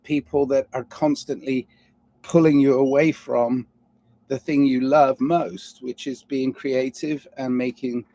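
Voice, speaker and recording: Here a male vlogger muses aloud in a wandering solo monologue, constantly questioning himself, his non-standard English accent clearly audible. The voice sits at medium pitch with fairly even intonation, a measured pace and a mellow quality, captured in a dry recording.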